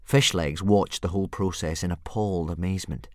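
A man reading a children's storybook aloud in an expressive, playful way. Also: deep voice, a little fast, dry recording, studio quality. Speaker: audiobook reader. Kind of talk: storybook narration.

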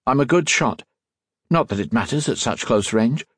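Man putting on a hoarse menacing impostor, clipped, calm, husky, dry. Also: medium pitch, normal speed, dry recording, voice pushed up. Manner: clipped, even, threatening.

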